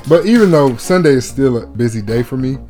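A man's voice: medium pitch, expressive, fairly quick, dark tone, faint music behind. A man co-hosting a casual podcast, playful and teasing, laughing often. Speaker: podcast co-host. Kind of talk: casual chat.

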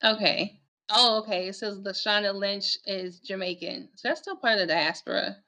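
Bright-voiced musing woman co-host. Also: mid-range voice, fairly even intonation, moderate pace, vocal fry. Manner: musing, hesitant, with restarts. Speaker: podcast co-host. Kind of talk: casual chat.

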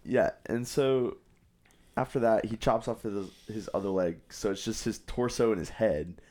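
A man's voice: lowish voice, moderate pace, dark tone. A man co-hosting a podcast, retelling film scenes in casual chat with frequent laughter. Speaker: podcast co-host. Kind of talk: casual movie-discussion chat.

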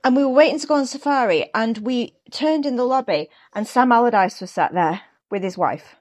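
A woman, a guest telling stories in a lively, animated way over a remote call. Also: a little high, a little fast, hardly any pauses. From England. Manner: lively, animated storytelling with laughs. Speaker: guest, actor and football fan. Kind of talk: casual podcast chat over a call.

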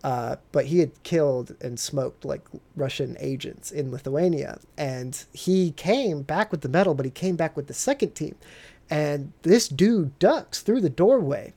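A man's voice: fairly high pitch, lively intonation, measured pace, gravelly, dark tone. A man, a military veteran, telling rambling, profane stories in casual podcast chat and laughing often.

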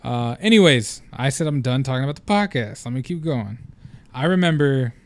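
A man's voice: medium pitch, lively intonation, moderate pace. A young man hosting a solo podcast, talking in a loose, rambling, candid way with lots of fillers and casual swearing. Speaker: podcast host.

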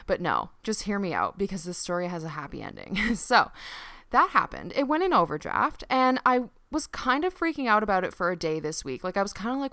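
A young woman hosting a casual solo podcast. She talks in an animated, chatty way, swears freely and fills her speech with "like". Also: fairly low pitch, fairly quick, smooth, dry recording, studio quality. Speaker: podcast host and coach.

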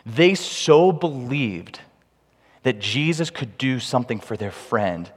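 A man preaching a sermon with humorous, animated storytelling, recorded in a large hall with long reverb. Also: mid-range voice, takes it slowly, slightly rough. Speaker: pastor.

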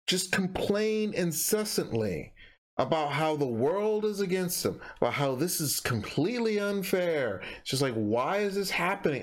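A man giving casual reaction commentary on a political clip, exasperated and mocking, rambling with stumbles. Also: high-pitched.

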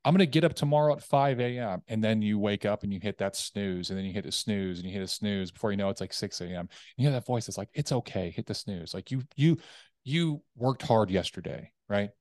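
A man, a coach, talking as a podcast guest in a casual interview, telling animated stories and acting out the voices in his head. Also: on the low side, brisk, no room sound. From United States. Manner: animated storytelling, acts out inner voices.

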